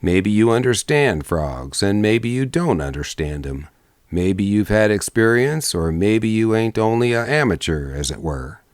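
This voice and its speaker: A shrewd frontier gambler with an easy, careless drawl, read by a man in a storybook audiobook. The voice sits low and quiet, and the recording is dry and close. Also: sing-song, measured pace, no room sound. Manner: drawling, careless folksy speech. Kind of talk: audiobook character voice.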